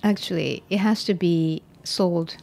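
A woman's voice: fairly low pitch, unhurried, gravelly, darkish tone. A woman hosting a podcast interview, chatty and adding her own notes to the conversation. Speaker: podcast host. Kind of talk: casual interview chat.

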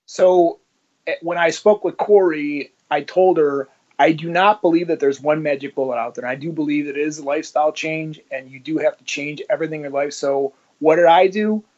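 A man's voice: fairly high pitch, moderate pace, highs cut off. A man, a former police officer, being interviewed and telling his story in a conversational way, acting out the dialogue. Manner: animated, acts out dialogue in his stories.

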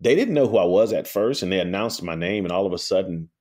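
A man with a Southern American accent tells stories as a guest in an easygoing way. He often repeats a word as he starts a thought. His voice sits a bit low for a man. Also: animated, fast, darkish tone. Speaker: pitmaster guest. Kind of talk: interview storytelling.

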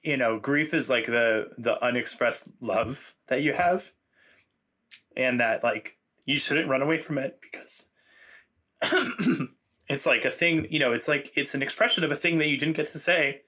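A man's voice: medium pitch, measured pace, pushed and bright. A man being interviewed as a guest writer, talking in a loose, reflective way with many fillers. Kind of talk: casual conversational interview.

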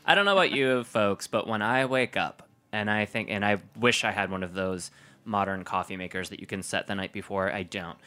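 A man co-hosting a food podcast, chatting in a rambling, animated way. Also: lowish voice, fairly quick. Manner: rambling, animated, restarts sentences. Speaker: podcast co-host. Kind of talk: casual chat.

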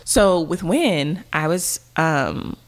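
A woman co-hosting a casual podcast chat, telling a story in an animated way and acting out the lines she quotes. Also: low-pitched, extremely slow. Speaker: podcast co-host.

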